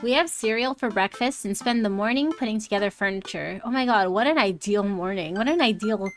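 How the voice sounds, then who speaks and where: A woman's voice: medium pitch, brisk, faint music behind. A young woman streaming a dating game, reading its text aloud and chatting casually, giggling often and using one voice for every character.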